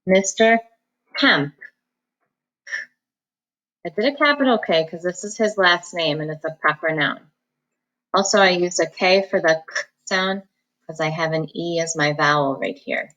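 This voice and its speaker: A woman teacher giving an online phonics lesson, dictating sentences slowly and sounding out each syllable. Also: lowish voice, a bit bright, rough recording. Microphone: recorded at a computer for students at home.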